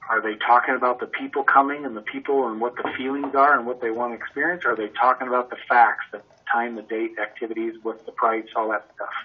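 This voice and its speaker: A man with a husky, slightly rough voice leads a training session on a conference call. He talks in an energetic, conversational way and keeps firing off rhetorical questions. The sound is dull and lo-fi. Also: mid-range voice. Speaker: sales trainer.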